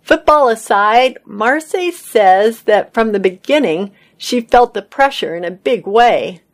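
A woman's voice: a little high, animated, a little slow. Woman reading entertainment news aloud.

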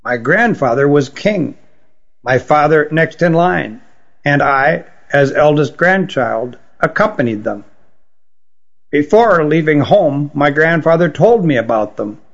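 A man reading an audiobook, voicing an ancient, remorseful queen with a slight rasp. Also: on the high side, animated, unhurried, full character voice. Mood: reminiscing. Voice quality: raspy. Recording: dull lo-fi recording.

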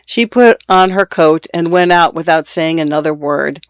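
A man reading a short story aloud for an audiobook, measured and even in his delivery. His voice sits slightly high for a man. The sound is close and completely dry. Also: smooth, no room sound. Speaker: narrator.

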